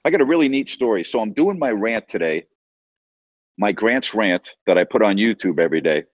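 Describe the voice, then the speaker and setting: Sports radio guy ranting, kinda low voice, dry dull lo-fi sound. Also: lively intonation, brisk, no echo. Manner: exasperated, emphatic, ranting. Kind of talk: sports talk radio rant.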